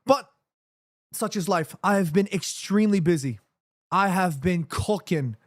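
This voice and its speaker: An excitable man hosts a football watchalong from his room, speaking in a fairly high voice. He gets emphatic and repeats himself when his nerves kick in. The sound is dry and close, with no room echo. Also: measured pace. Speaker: streamer hosting a football watchalong. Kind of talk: excited livestream chat. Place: his room in New York City, indoors.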